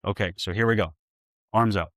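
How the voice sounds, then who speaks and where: A man with a New York accent, working as a therapist and coach, demonstrating exercises with brisk repeated cues and joking asides to viewers. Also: lowish voice, fairly bright tone, no echo, clean studio sound.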